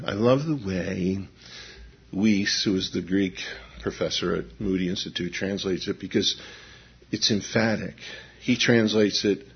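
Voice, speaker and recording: Husky-voiced pastor in his fifties preaching. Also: sits low, a little slow, lo-fi sound. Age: 50s. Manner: swings from hushed intensity to animated storytelling. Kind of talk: sermon.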